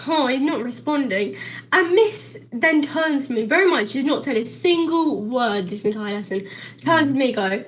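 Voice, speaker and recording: Teen girl, high voice, chatty podcast storytelling, animated. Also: normal speed. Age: teens. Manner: animated, acts out the dialogue, laughs through the story. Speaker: podcast co-host. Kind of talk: casual storytelling.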